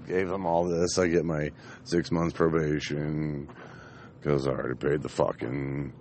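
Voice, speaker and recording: A man's voice: rumbling low, level tone, a little slow, a little mellow, slight background noise. A young man casually telling a profane, rambling anecdote outdoors in his backyard. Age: young adult. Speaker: storyteller.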